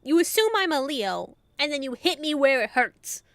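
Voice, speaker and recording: A woman streamer commenting on a game as she plays, excitable and quick to laugh and swear. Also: sits high, no room sound, clean studio sound.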